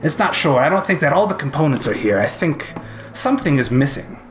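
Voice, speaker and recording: A man voicing an eccentric old male vault keeper who chuckles and gets excited. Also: on the high side, brisk, faint music behind, pitched above the performer's own voice, lightly acted. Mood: musing.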